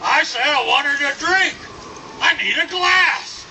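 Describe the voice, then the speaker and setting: A man's voice: expressive, takes it slowly, noisy background, heavily acted. A man doing a hollering giant cowboy. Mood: demanding. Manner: hollering, booming commands. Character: huge mustached rowdy male cowboy.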